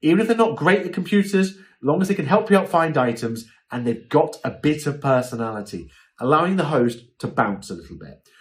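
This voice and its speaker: A man giving a chatty, informal lesson on livestream selling, often checking in with "okay?". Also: medium pitch. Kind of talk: informal instructional talk.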